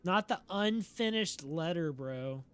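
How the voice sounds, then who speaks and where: A man chatting casually with his live-stream audience while playing a game, relaxed and slangy, and sleepy. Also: a little high, takes it slowly, a little hiss or hum. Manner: relaxed and slangy, talking to chat. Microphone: streaming microphone.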